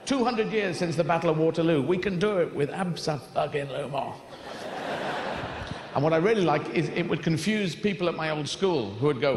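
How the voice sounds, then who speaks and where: A male stand-up comedian telling rambling, animated stories on stage, swearing freely and slipping into voices. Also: fairly high pitch, a little fast, background noise.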